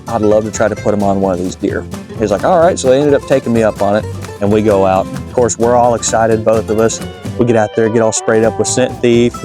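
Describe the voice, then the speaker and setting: Folksy man telling hunt story. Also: on the low side. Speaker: hunting video host. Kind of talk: storytelling hunting recap. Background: guitar music.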